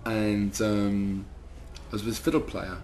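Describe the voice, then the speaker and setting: A man's voice: on the low side, level tone, measured pace, darkish tone, slight background noise. A man, telling rambling, swearing anecdotes in an interview. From London, second generation Irish. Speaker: band member. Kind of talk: casual interview storytelling.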